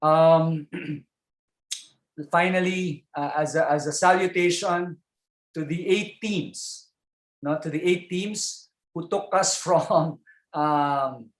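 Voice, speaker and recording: A man with a Filipino accent giving a chatty keynote speech over a video call, filling pauses and tagging lines with "no?". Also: a little high, reverberant, poor audio. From Philippines. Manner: chatty, warm asides, frequent fillers and tag "no?". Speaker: keynote speaker.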